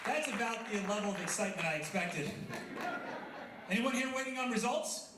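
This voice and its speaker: A man's voice: high voice, lively intonation, fairly quick, heavy background noise. A man in his thirties doing a chatty, self-deprecating stand-up comedy set, bantering with the crowd. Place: coffee house stage with a live audience. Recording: echoey room with audible crowd.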